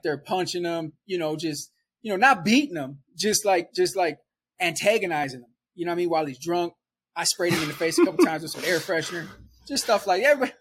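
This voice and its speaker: A man's voice: sits high, a bit bright, breathy edge. A young man telling a story in a conversation, in a loose, rambling way full of "like" and "right?". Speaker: interview guest.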